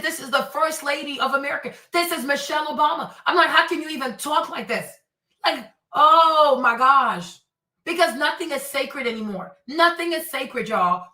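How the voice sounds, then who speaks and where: A woman's voice: high voice, sharp tone, reverberant, distant mic, low-quality recording. A woman hosting a commentary stream, ranting in an indignant, preachy way and repeating herself for emphasis. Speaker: commentary host.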